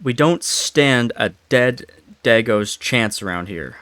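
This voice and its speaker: A young man reads the lines of a blunt, bossy male hunting guide from an old story, using his own everyday voice and going slowly and carefully. His mid-range voice is expressive with a fairly bright tone. The recording is dry.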